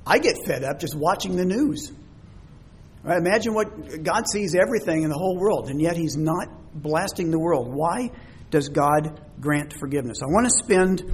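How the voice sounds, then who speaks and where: A man's voice: fairly high pitch, breathy edge. A man preaching a sermon to a congregation in a church hall, speaking conversationally and asking them questions.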